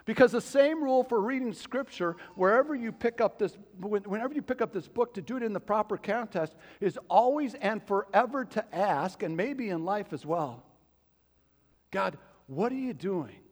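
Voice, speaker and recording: A pastor with a high-pitched male voice delivers a sermon, turning to the congregation with questions. His words ring out with a long reverb, as in a large sanctuary. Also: animated, normal speed. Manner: preaching, asks the congregation questions.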